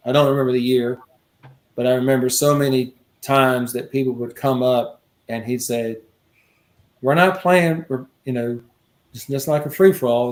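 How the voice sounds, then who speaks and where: A man casually telling a long anecdote as host, animated and laughing often. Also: medium pitch. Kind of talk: casual storytelling.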